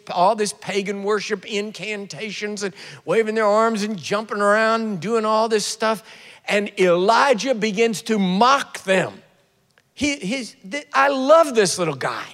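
Male preacher, high voice, lively storyteller, big echoing hall. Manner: animated storytelling, acts out the prophet's taunts with sudden loud bursts. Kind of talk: sermon.

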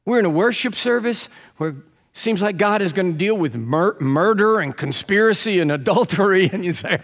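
A man delivers a sermon in a church with a long, ringing reverb. His voice sits a little high for a man. He tells stories with animated energy and climbs even higher when he acts out other people's lines. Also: brisk. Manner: animated, rising to high excited pitch when quoting. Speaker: preacher. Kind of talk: sermon with storytelling. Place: church sanctuary.

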